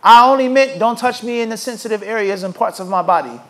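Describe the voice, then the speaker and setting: A flustered man pleads his innocence before a judge, piling up excuses, as a lecturer acts him out. His voice sits high and rises as he protests. The excuses come in a rushed, defensive string. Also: fairly bright tone. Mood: pleading.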